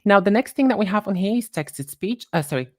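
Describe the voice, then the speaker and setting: A woman presenting a live software tutorial, talking while she clicks through screens and quickly corrects her own slips. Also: mid-range voice, lively intonation, no echo, studio quality.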